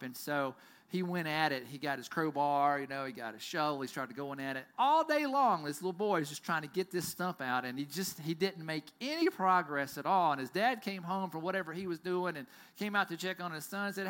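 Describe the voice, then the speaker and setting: A man preaching a sermon as pastor, telling stories with big swings from loud to near-whisper. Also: a little high. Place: church.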